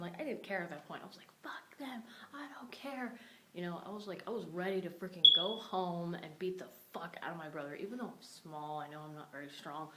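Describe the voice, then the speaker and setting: A woman's voice: fairly low pitch, sharp tone, a little hiss or hum, rough recording. A young woman vlogging casually, upset and venting about a family fight, swearing freely. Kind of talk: casual vlog rant.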